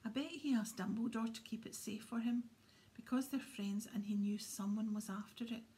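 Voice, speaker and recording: A woman's voice: a little high, steady tone, normal speed, warm tone, lightly acted. A woman voicing a bossy, bookish schoolgirl in whispered role-play, eager and lecturing.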